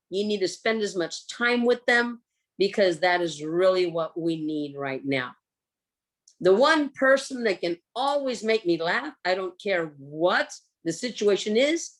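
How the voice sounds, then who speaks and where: A woman presenting a humor workshop, telling personal stories with animated acting-out of scenes. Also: mid-range voice. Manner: animated storyteller who acts out scenes.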